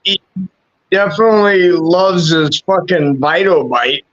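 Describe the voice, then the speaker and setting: A man's voice: high voice, a little slow, lo-fi sound, a crowd in the background. A man in casual chat, crude and joking, swearing heavily. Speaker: podcast co-host. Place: at home.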